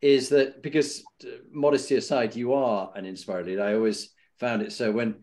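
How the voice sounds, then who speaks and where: A man's voice: mid-range voice, fairly even intonation, moderate pace, a little mellow. A man hosting an interview series, asking rambling, hesitant questions. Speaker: podcast host. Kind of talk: conversational interview.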